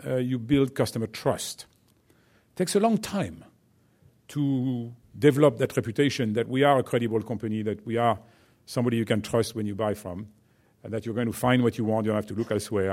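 A man's voice: mid-range voice, a little mellow. Man, French accent, executive, talk to business students, chatty, lots of fillers, asks "right?". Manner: chatty, many fillers and "right?" check-ins.

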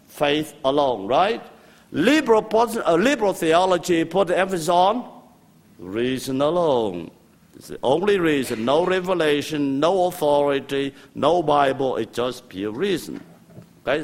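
An older man giving a university theology lecture, lively and repetitive, with asides to the students and an other than English. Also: a little high. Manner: animated, repeats words, quotes and asides to students.

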